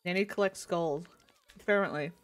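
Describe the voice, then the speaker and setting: A woman's voice: lowish voice, moderate pace. A woman in her twenties chatting casually as she streams a game, giggly and rambling, with many restarts. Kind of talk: casual gameplay commentary.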